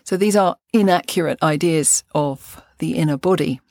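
An older woman in a measured, thoughtful way, explaining fascia and anatomy on a podcast. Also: low-pitched, a little mellow, no echo, clean studio sound. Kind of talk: podcast lesson.

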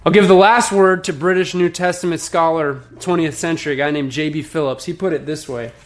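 Pastor, male, higher-pitched voice, earnest sermon delivery with a relaxed, chatty edge. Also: brisk. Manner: earnest, conversational preaching with casual asides.

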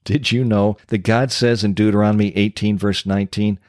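Earnest low-voiced older man testifying. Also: flat delivery, darkish tone, no echo, studio quality. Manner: earnest and confessional, with slow emphatic pauses. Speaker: ministry coach and former pastor. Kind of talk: personal testimony.

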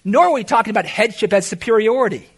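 A man preaching a sermon as pastor, animated, swinging between shouted exclamations and quiet asides. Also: high-pitched, fast talker, husky.

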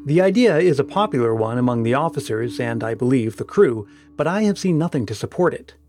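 A man reading a ghost story aloud in a steady, grave narration. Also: mid-range voice, fairly quick, faint music behind.

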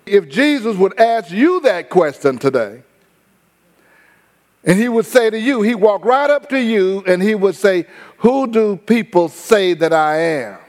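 A high-voiced man preaches a sermon, his talk folksy and conversational, slowing down to stretch his key words. His voice rings with a long reverb through a church sanctuary. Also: lively intonation. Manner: conversational preaching, drawn-out emphasis, folksy phrasing. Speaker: pastor.

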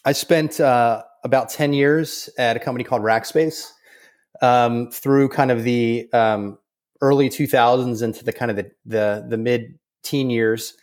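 A man being interviewed as a guest, talking in a relaxed way with many fillers and restarts. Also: medium pitch, a little slow. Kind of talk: conversational interview.

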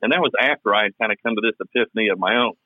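Southern man, low voice, dry tinny phone line, thoughtful podcast co-host. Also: rapid-fire, no room sound. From Kentucky. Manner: thoughtful, explaining at length. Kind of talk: casual podcast chat.

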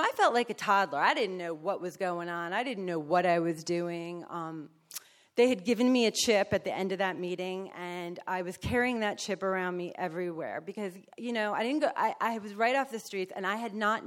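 A woman with a fairly low voice tells her recovery story in a frank, emotional way. She talks bluntly and swears freely. She often slips into animated impressions of the people she describes. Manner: animated storyteller who acts out other people. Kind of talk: candid personal testimony.

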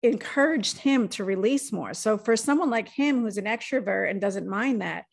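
A woman's voice: medium pitch, expressive, normal speed, vocal fry. A woman hosting a podcast, chatting casually with her guest and chiming in with short agreements. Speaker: podcast host. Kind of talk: casual interview chat.

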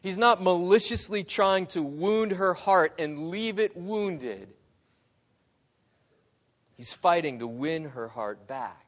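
A man preaching a sermon, dramatic in delivery, dropping to a hush and rising to loud pleas. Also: a little high, big-room sound. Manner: dramatic, swings from hushed to loud.

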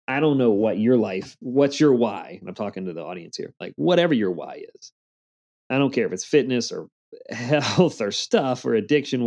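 Forties guy with a gravelly low voice, earnest storyteller, pep-talk vibe, kinda muffled audio. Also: a little mellow. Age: 40s. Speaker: podcast guest. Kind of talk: casual interview talk.

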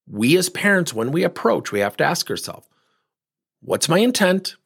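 A man's voice: on the high side, big pitch swings, normal speed, vocal fry, a bit bright, husky. A man, a coach, telling a story to parents in a frank, plain-spoken way, acting out the lines of the people in it. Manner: acts out quoted dialogue with shifting voices. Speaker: volleyball coach and podcast host.

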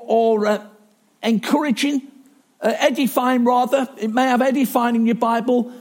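A man's voice: very high-pitched, a little mellow. A man preaching a sermon in a chatty, self-deprecating way, with asides and restarts.

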